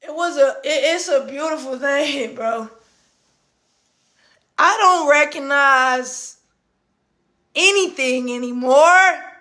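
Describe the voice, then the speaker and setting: A hoarse woman speaking in a casual, intense live-stream monologue, repeating herself and swearing freely. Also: sits high, slow, long pauses. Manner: intense, repetitive, profane, swings to shouting. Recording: roomy echo.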